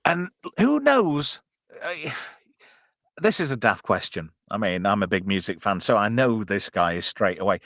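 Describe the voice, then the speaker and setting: A man's voice: lowish voice, sing-song, a little slow, fairly bright tone, dry recording, clean studio sound. A man hosting a casual live film watch-along, chatty and jokey with lots of fillers. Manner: chatty, jokey, filler-heavy, reads chat aloud. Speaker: podcast host watching a film with chat.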